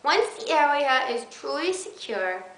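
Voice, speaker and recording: A woman's voice: high voice, big pitch swings, a little slow, fairly bright tone, voice pushed up, exaggerated voice. A woman putting on a childish baby voice to read survival instructions aloud. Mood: babyish. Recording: roomy echo, faint background noise.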